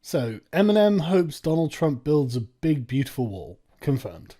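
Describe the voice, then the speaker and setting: A man's voice: a little high, big pitch swings, unhurried, dark tone. A man hosting a reaction commentary, ranting in a sarcastic, profane way. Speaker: commentary video host.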